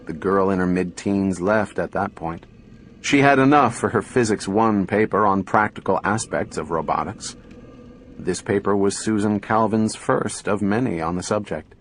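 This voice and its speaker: Low-voiced man reading a story. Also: normal speed, a little hiss or hum. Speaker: audiobook narrator. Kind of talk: scripted narration.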